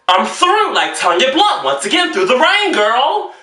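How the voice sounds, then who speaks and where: A fashion designer with a very high-pitched voice, speaking at a measured pace, goes on a sassy, comedic rant about the emails he receives, theatrical, exasperated and animated. The mic is at a distance, giving a roomy echo.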